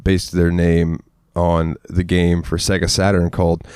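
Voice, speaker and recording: Deep-voiced man in casual podcast chat. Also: monotone, a little slow, darkish tone, clean tone, no room sound, studio quality. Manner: rambling, laughs often, swears freely. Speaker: podcast co-host.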